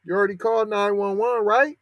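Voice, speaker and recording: A man's voice: high voice, steady tone, brisk, a bit bright, no echo. A man hosting a podcast, reading out a news story and talking back to it with sarcastic, slangy commentary that turns heated. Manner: sarcastic, rising to heated outrage; slangy, talks back to the article he reads. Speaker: podcast host.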